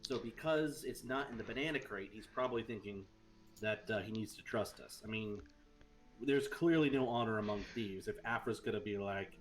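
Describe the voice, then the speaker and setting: A man's voice: fairly low pitch, moderate pace, soft background music. A man, a player at a tabletop game, reasoning aloud in casual chat and repeating words as he thinks.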